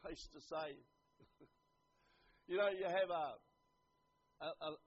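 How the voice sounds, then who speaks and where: Older man, high voice, earnest sermon, hushed to emphatic, dull lo-fi recording. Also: steady tone, slow, breathy edge. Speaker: preacher.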